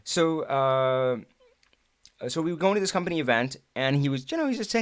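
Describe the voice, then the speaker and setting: A man hosting a live stream, telling stories from his old job in a chatty, animated way, with many restarts and laughs. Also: a little high, normal speed, no echo. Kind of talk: casual live-stream storytelling.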